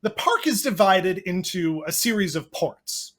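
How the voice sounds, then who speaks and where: A man's voice: sits high, expressive, a little slow, full character voice. A man doing a chipper theme park guide. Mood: welcoming. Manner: bright, rehearsed tour-guide patter. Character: chipper male park guide giving a tour.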